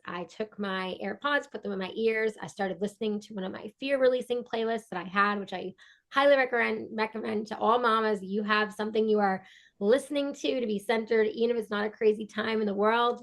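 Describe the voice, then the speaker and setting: A woman guest on a podcast, a breathwork coach, telling a personal story in an earnest, animated way with many restarts. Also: medium pitch. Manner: earnest, animated, acts out quoted dialogue.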